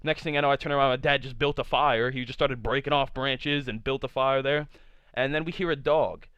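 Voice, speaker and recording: A young man tells a story to camera in a loose, rambling way, packing his sentences with fillers and curse words. His voice is smooth and clean in a dry, close sound, though the recording itself is a bit dull and lo-fi. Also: mid-range voice, steady tone, a little fast, fairly bright tone, no room sound. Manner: rambling, full of "like" fillers, profane. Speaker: vlogger. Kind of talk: casual storytime.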